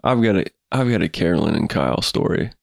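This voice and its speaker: Middle-aged male co-host, laid-back talker, low gravelly voice, dry close mic. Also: fast, no echo. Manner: relaxed, fills in with short agreements. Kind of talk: casual storytelling chat.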